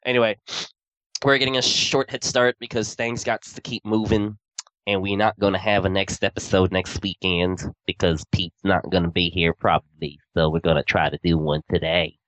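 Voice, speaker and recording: Low-voiced joking podcast host man. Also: little pitch movement, moderate pace, a bit bright, no room sound, low-quality recording. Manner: joking, rambling, swears casually. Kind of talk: casual podcast chat.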